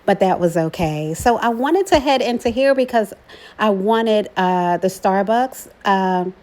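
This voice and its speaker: Woman, middle-aged, casual vlog narration, slow pace, chatty, affectionate. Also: mid-range voice. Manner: chatty, keeps adding "right?"; warm and emotional about her daughter. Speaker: vlogger, mother.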